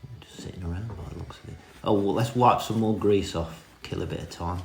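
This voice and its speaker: A man's voice: low voice, brisk, vocal fry, a little mellow. A man giving a cheeky, self-mocking running commentary in a casual hands-on repair tutorial. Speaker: vintage reel restorer. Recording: echoey room with music behind.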